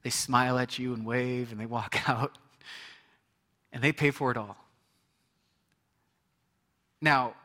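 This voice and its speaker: A man's voice: medium pitch, takes it slowly, long pauses, sharp tone. A man preaching a sermon as pastor, conversational, with repetitions and asides to the congregation.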